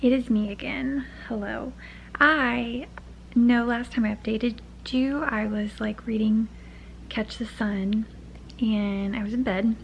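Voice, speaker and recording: A young woman chatting in a casual reading vlog from her bed, dramatic and gushing, often dropping into a hushed half-whisper. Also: fairly high pitch, steady tone, slow, creaky, a little hiss or hum, poor audio. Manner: dramatic, gushing, repeats herself. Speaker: book vlogger. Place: bedroom, in bed.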